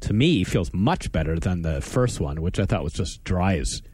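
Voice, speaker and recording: A deep, husky, slightly mellow male voice with a sing-song lilt and normal pace hosts a casual gaming podcast. He rambles wryly, often cutting himself off and restarting sentences as he chats.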